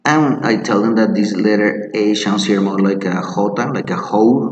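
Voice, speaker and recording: Man, low voice, patient English teacher modeling words, roomy echo. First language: Spanish. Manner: explains step by step, models words slowly and repeats them. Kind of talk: screen-share teaching lesson.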